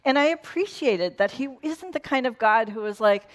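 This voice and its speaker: A woman's voice: on the high side, lively intonation, normal speed. A middle-aged woman pastor giving a sermon in a conversational, playful way, with asides and laughter.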